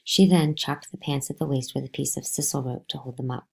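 A woman reading a novel aloud to a class, lively, with pitch jumps on the spoken lines. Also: fairly quick, creaky, slightly rough.

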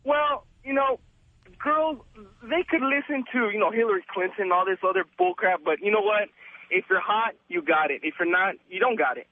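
A young man calling a radio show by phone, excited and full of slang. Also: sits high, moderate pace. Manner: excited, laid-back surfer slang. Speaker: caller. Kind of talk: phone-in chat. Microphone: telephone. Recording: tinny phone line.

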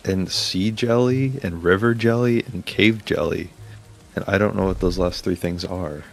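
A low-key man with a very deep, gravelly voice, chatting dryly while he plays. His replies are short and understated. Faint music plays in the background. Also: unhurried. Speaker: co-player on stream. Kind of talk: casual gaming chat.

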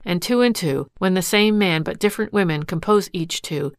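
A woman voicing a hurt, bitter young wife who speaks in sharp, accusing outbursts. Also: medium pitch, fairly even intonation, normal speed, vocal fry, no echo, studio quality.

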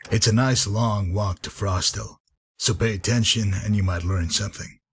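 A man voicing a gruff, grizzled wasteland guide in a video game, with a husky, dry and weary delivery. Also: fairly low pitch, fairly even intonation, moderate pace. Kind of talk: game character dialogue.

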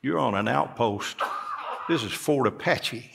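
A man preaching a sermon to his congregation, his voice carrying a rough, gravelly edge. He talks in a folksy way and climbs sharply in pitch to stress his key points. His voice sits at an ordinary middle pitch between those peaks. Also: animated, a little slow, noisy background. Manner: folksy preaching, rising emphatically on key words. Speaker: pastor. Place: church sanctuary.

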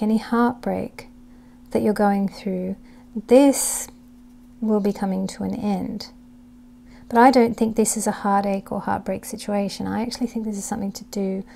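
A woman doing a tarot reading to camera, talking gently and reassuringly, thinking aloud with halting restarts and sometimes dropping to a soft whisper. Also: on the high side, vocal fry. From United Kingdom. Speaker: tarot reader.

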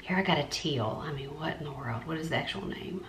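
A woman's voice: deep voice, a little fast, a bit bright. A woman, an art YouTuber, chatting casually through a supply haul and muttering asides to herself. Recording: echoey room, faint noise.

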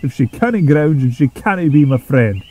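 A man voicing a grumpy, blunt male steam engine with a Scottish accent, gruff and grumbling. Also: on the high side, lively intonation, moderate pace, a little mellow.

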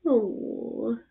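Woman, reaction vlog host, slow unhurried talk, soft cooing, narrow tinny phone-like sound. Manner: slow, cooing over cute animals; soft-spoken, drops to whispers at times. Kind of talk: casual reaction commentary.

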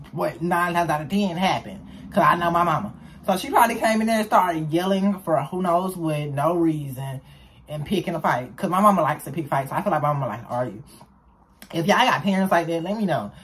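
Young woman, husky, chatty storytelling vlog. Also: deep voice. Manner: chatty, animated storytelling with slang.

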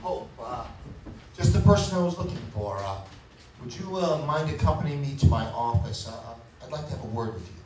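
A man playing a reserved boss who talks haltingly with many fillers, recorded in an echoey hall from far away. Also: mid-range voice, lively intonation, heavy background noise, natural voice. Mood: awkward. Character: reserved, awkward male boss confessing feelings. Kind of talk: community stage musical acting.

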